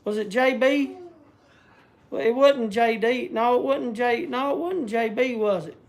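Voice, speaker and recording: A man's voice: extremely high pitch, a little slow. Brief: man, folksy livestream rambler, loses his words. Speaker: vlogger. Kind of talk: casual livestream chat.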